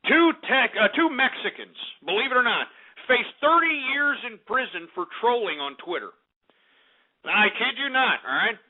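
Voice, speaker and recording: High-voiced guy ranting and cussing on his radio show, tinny phone sound. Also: very animated, normal speed. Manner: angry, profane, sarcastic ranting. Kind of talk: ranting talk radio monologue.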